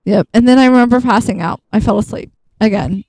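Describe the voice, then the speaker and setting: A woman's voice: a little high, quick pace, darkish tone, dry recording, poor audio. A woman hosting a gaming channel, chatting bluntly and casually, acting out both sides of a conversation and swearing freely. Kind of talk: casual storytelling while gaming.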